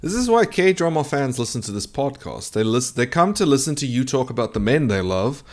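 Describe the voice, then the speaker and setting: A man's voice: mid-range voice, big pitch swings, fairly quick. Wry bemused man podcaster. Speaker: podcast co-host. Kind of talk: casual chat.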